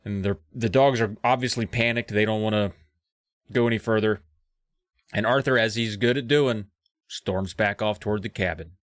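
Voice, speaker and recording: A man's voice: on the low side, moderate pace, dry recording, studio quality. A man co-hosting a podcast, animatedly retelling a story and acting out its characters. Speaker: podcast co-host. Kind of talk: casual chat retelling a book.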